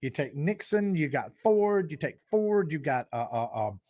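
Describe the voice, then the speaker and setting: A man's voice: on the high side, big pitch swings, moderate pace, a little mellow, dry recording, clean studio sound. A man giving an unscripted political monologue, emphatic and full of fillers and restarts, rising in force on his key points. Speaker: preacher giving political commentary.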